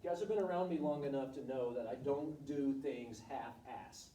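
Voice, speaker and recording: In an echoey room, heard from a distance with slight hiss or hum, a middle-aged volleyball coach gives students an informal, blunt, candid talk. His voice is medium-pitched and warm at a normal pace, and he tells career stories, acting out the quotes.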